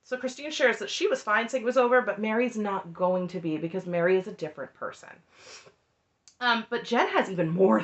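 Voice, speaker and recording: A woman with a lowish, fairly bright voice delivers an opinionated, sarcastic recap of a reality TV show, laughing often as she goes.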